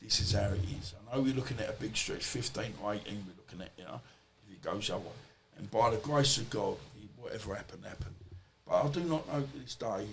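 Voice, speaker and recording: A man's voice: fairly low pitch, fast, vocal fry, few pauses, a little hiss or hum. A man, a podcast guest, telling stories in a rambling, colloquial way and swearing freely. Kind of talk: casual storytelling interview.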